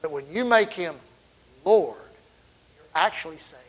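A middle-aged man delivers a sermon, telling stories from the pulpit with fervor. His voice sits somewhat high for a man. He swings from loud, surging lines to quiet asides. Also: lively intonation, unhurried, husky, poor audio. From Texas. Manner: fervent storytelling with sudden loud swells and drops. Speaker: preacher.

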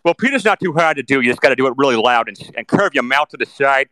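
A man's voice: mid-range voice, lively intonation, fast, pushed and bright, dry recording, rough recording. A man chatting casually as a guest on a live audio stream. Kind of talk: casual chat with impressions.

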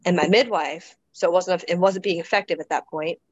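A woman's voice: fairly low pitch, a little fast, husky, no echo, muffled recording. A woman guest in a casual interview, talking reflectively with many restarts and fillers. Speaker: guest describing her births.

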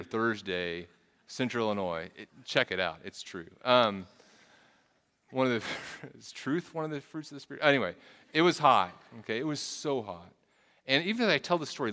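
Male pastor, earnest storyteller who restarts and repeats himself. Crisp bright tone, long hall reverb. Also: mid-range voice. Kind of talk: sermon.

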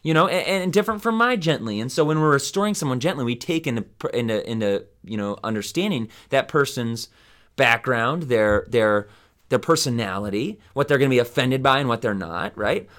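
A man's voice: medium pitch, animated, fairly quick, fairly bright tone. Man rambling through a Bible study. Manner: rambling, many fillers and restarts. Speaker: podcast Bible study host. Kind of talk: conversational Bible teaching.

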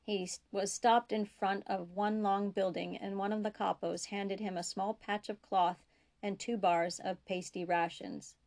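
A woman reading her own fiction aloud in a steady, measured narration, dropping to soft whispers for tense dialogue. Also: mid-range voice, gravelly. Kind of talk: audiobook-style fiction reading.

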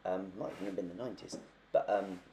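A man's voice: deep voice, fairly even intonation, quick pace, dark tone, slight background noise. A young man co-hosting a casual book podcast, chatty and acting out characters as he tells their stories. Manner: chatty, acts out quoted characters. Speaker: podcast co-host.

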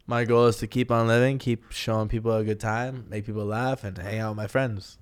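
A man's voice: lowish voice, fairly even intonation, brisk, clean tone. A young man talking as a podcast guest in a casual, laid-back way, swearing freely and laughing at himself. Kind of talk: casual chat.

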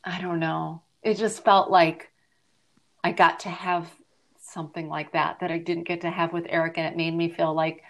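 A woman's voice: on the low side, little pitch movement, moderate pace, a bit bright. A middle-aged woman speaking as an interview guest, earnest and reflective as she shares a personal story, her voice dropping at times to a near-whisper. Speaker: podcast guest, grief advocate.

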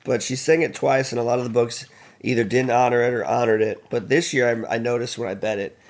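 A man as a podcast guest in casual chat, laughing through excitable stories. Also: medium pitch, fairly quick.

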